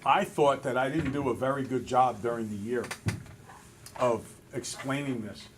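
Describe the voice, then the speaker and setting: A male math teacher in a classroom, relaxed and a little self-deprecating, talking through each step aloud. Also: medium pitch, normal speed, background noise. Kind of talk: classroom lesson. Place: school classroom with students.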